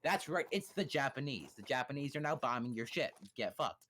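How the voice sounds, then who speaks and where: A man's voice: medium pitch, expressive, brisk, fairly bright tone. A young man casually explaining history on a livestream, swearing and cracking crude jokes. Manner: crude, joking, profane.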